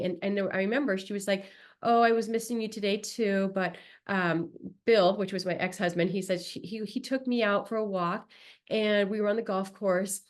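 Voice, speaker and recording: A woman from Southern California, a podcast guest telling a personal story in a casual, animated way, acting out the people she quotes. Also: medium pitch. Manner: animated, acts out quoted voices.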